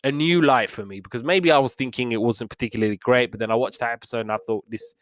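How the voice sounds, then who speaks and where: A man's voice: mid-range voice, fast, no room sound. Earnest man recapping a cartoon. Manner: earnest plot retelling, acting out characters' lines. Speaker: podcast host reviewing old cartoons. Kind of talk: casual chat.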